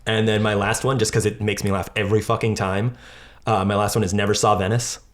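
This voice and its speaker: A man's voice: lowish voice, little pitch movement, fairly quick. A man co-hosting a podcast, chatting casually and telling stories animatedly, acting out quotes and swearing freely. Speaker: podcast co-host. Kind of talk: casual chat.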